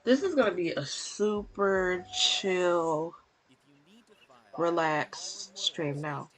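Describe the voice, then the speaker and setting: A laid-back streamer talking slowly and easily in a middle-pitched voice while eating on a live stream. The talk drifts along with plenty of pauses and filler words. It sounds like a casual home setup recorded on a webcam or phone mic. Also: poor audio. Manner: relaxed and unhurried, trailing off with ums and laughs.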